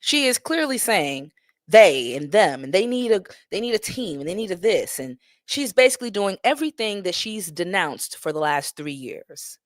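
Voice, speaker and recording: A woman's voice: mid-range voice, normal speed, no room sound, studio quality. A woman hosting a live stream, chatting and laughing with viewers. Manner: animated, laughs often, talks straight to viewers. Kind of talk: casual commentary chat.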